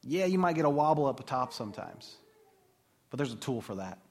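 A man's voice: mid-range voice, sing-song, brisk, a little hiss or hum. A man in his thirties giving a faith talk to mothers, telling rambling personal stories and laughing at himself. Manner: warm, rambling storyteller who laughs at himself. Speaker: speaker at a Christian mothers' gathering.

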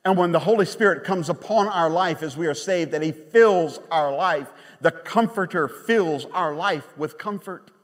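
A man pastor preaching a sermon, emphatic and animated, with sudden quiet drops. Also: on the high side, moderate pace, few pauses. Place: church sanctuary. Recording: long church reverb.

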